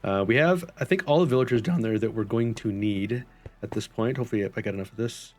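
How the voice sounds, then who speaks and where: A man giving casual gameplay commentary, chatting to the characters on screen, often correcting himself and jumping up in excitement. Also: fairly low pitch, fast talker, soft background music. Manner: chatty, talks to the game characters, lots of self-corrections; excitable, voice jumps up when pleased. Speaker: gameplay channel host.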